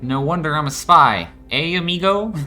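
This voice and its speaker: A man voicing a cheerful, chatty American spy passenger with an American accent, loud and boisterous. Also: fairly high pitch, lively intonation, normal speed, soft background music, pitched above the performer's own voice.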